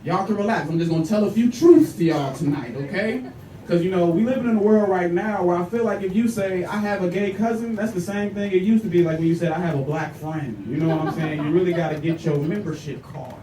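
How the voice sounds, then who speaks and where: A stand-up comedian, a man with a high voice, teases a live audience in an animated way. He is heard from a distance across an echoey club. Loud crowd laughter rolls around him. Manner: animated, teasing, talks straight to the crowd.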